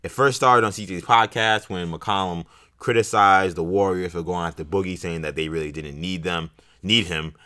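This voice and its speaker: A man's voice: low-pitched, steady tone, moderate pace, sharp tone, clear, resonant tone. A man co-hosting a podcast, talking sports casually and rambling with fillers and restarts. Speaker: podcast co-host.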